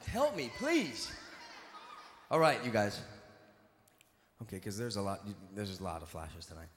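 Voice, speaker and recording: A man with a lowish voice performs live stand-up on a large venue's stage, playfully ribbing and bantering with the crowd. The recording picks up a little hiss or hum, long hall reverb, and crowd ambience.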